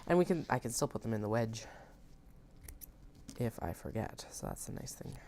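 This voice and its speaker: A woman's voice: extremely low pitch, big pitch swings, normal speed, creaky, heavy background noise. A woman in her thirties chatting casually and thinking aloud while she sews on a live stream at home, self-mocking and talkative. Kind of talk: casual chat while working.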